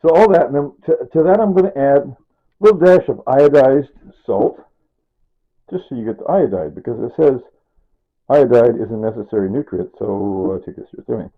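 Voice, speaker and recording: Fields: Sex: man. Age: middle-aged. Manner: chatty, rambling. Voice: husky. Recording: tinny, phone-like. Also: mid-range voice, lively intonation, a little fast. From Kansas, USA. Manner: chatty, rambling asides, says "right?" and "see?" a lot. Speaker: vlogger. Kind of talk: casual home cooking vlog.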